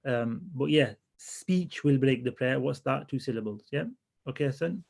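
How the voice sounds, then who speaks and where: A man teaching a religious class in a relaxed, conversational way, often restarting his sentences as he thinks aloud. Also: medium pitch, moderate pace, vocal fry. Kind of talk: casual classroom lesson.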